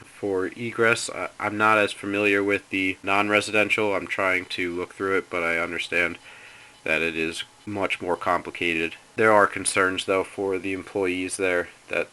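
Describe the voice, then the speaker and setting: A man's voice: low-pitched, level tone, normal speed, sharp tone, clear, resonant tone, poor audio. A man calling as a concerned citizen, asking careful, persistent questions about building safety. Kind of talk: phone inquiry.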